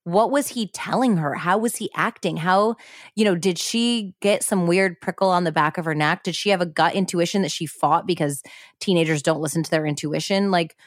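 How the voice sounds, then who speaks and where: Chatty, profane woman, low voice, dry sound. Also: normal speed, no room sound. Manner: chatty, frequent "like", blunt and profane. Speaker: podcast host. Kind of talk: casual true-crime storytelling.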